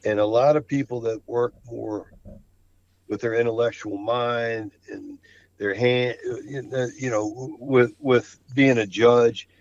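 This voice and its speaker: A man's voice: mid-range voice, steady tone, slow, dry recording, highs cut off. A man talking about his flooring work on a podcast, enthusiastic and full of stammered restarts. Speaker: flooring contractor guest. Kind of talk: casual podcast conversation.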